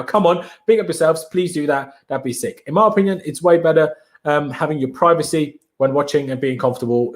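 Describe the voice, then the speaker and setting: Upbeat young Austrian man hosting a live stream. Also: fairly high pitch. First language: German. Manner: energetic, slangy, hypes viewers. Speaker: livestream host. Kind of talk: casual live-stream chat reading viewer comments.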